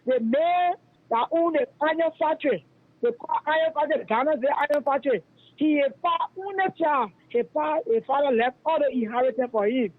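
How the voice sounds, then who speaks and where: A man with a Liberian English accent rants fiercely over a tinny phone line, his voice pitched unusually high for a man. He calls in to a radio show and hammers the same accusations again and again. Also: brisk. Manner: fiery, denouncing, repetitive. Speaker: radio caller. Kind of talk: heated call-in rant.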